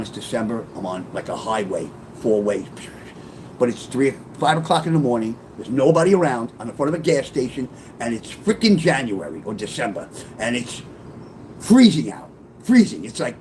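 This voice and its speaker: A man's voice: mid-range voice, a little mellow, slight background noise. A middle-aged man telling a personal testimony, rambling, swearing and breaking into tearful outbursts. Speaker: author telling his life story.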